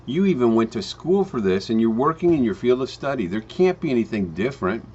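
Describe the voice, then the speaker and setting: A man tells a parable in a plain, mid-pitched voice, leaning on slow, emphatic phrasing. He often stops and restarts his lines. The recording sounds dull and lo-fi. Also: very animated, a little mellow, slight background noise. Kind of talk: spoken parable for a home business pitch.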